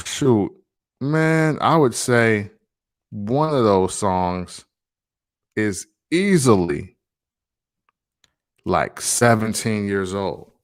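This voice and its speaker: Deep-voiced man rambling casually. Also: creaky. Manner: rambling, loose, full of slang asides. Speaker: songwriter and podcaster. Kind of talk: reflective casual monologue.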